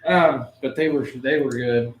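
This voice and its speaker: A man's voice: mid-range voice, measured pace, a little hiss or hum. A man co-hosting a podcast in casual chat, telling stories with crude humor and acting out his own reactions. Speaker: podcast co-host. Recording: echoey room.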